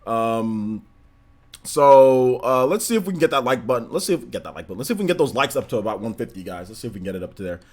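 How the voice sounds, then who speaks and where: A man's voice: medium pitch, animated, fast, darkish tone. A young man hosting a gaming livestream, chatting loosely and telling stories animatedly, full of "man" and "like". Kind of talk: casual livestream chat.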